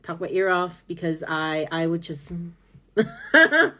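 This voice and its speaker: A woman's voice: low voice, flat delivery, moderate pace, fairly bright tone. A woman from California, chatting casually on a live stream, rambling and gushing with lots of fillers as she answers viewer comments.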